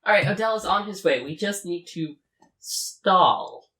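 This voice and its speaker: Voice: medium pitch, animated, unhurried, sharp tone. Joking player on a distant mic. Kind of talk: casual tabletop game chat. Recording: roomy, from a distance.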